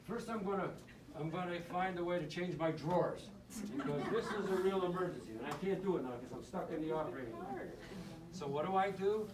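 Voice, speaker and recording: A man with a fairly high voice gives a classroom lecture to nurses, cracking jokes and firing questions at the audience. He sounds roomy and somewhat distant from the mic, with faint ambience in the lecture room. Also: fairly quick, a crowd in the background. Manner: joking, quizzes the audience. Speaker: anesthesiologist teaching nurses.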